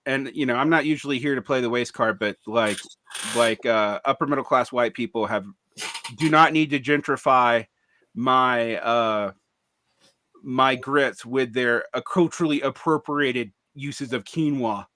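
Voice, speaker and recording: A man's voice: mid-range voice, measured pace, sharp tone, a little hiss or hum. A man co-hosting a podcast in casual chat, hesitant with many fillers and wry asides. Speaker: podcast co-host.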